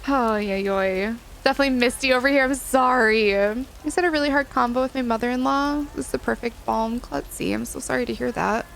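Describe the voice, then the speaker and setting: A woman streamer with a high voice talks casually to her live chat. She is gushing and giggly and says y'all often. Faint background noise sits under her voice. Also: a little fast, creaky, few pauses, fairly bright tone, low-quality recording. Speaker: livestreamer. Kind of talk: casual livestream chat thanking viewers.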